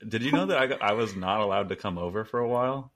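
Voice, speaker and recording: A man's voice: on the low side, quick pace, a bit bright. A man in his twenties, a podcast guest, telling rambling stories in casual chat and chuckling as he goes.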